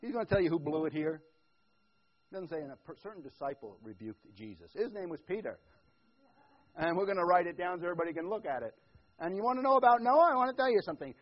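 A man preaching a conversational sermon as pastor, shifting from quiet asides to loud, emphatic build-ups. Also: high voice, lively intonation, quick pace, pauses often, highs cut off.

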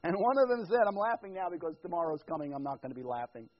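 High-voiced man preaching a sermon. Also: sing-song, very fast, lo-fi sound. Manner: conversational preaching, swings from quiet asides to loud emphatic build-ups. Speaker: pastor.

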